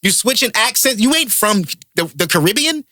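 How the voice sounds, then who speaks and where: A man's voice: high-pitched, big pitch swings, moderate pace, bright, forceful tone, dry recording. A man hosting a podcast, a comedian ranting in heated, profane casual chat.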